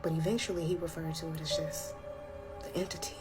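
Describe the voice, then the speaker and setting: A woman telling a scary story in a casual, colloquial way, slipping into hushed whispers at the tense parts. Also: deep voice, little pitch movement, a little fast. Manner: colloquial, chatty. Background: background music.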